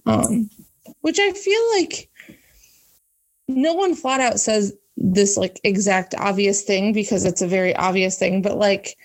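A woman's voice: mid-range voice, measured pace, a little mellow. A woman co-hosting a casual book discussion, thinking aloud with many fillers and restarts. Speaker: podcast co-host.

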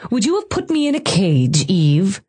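A man's voice: high-pitched, wildly swooping pitch, moderate pace, a little mellow, husky, exaggerated voice. A woman doing a bitter Irish man. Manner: bitter, demanding. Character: brooding Irish man, proud and wounded.

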